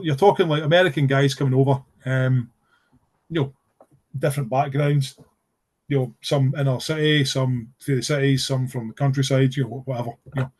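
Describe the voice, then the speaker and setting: Man, Scottish accent, middle-aged, podcast guest, casual storytelling, rambling, filler-heavy, earnest, mid pitch. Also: darkish tone. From Scotland.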